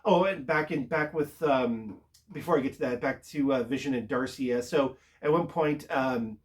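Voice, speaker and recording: A man casually recapping a TV episode, rambling and halting with lots of filler words. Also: mid-range voice. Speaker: TV show reviewer.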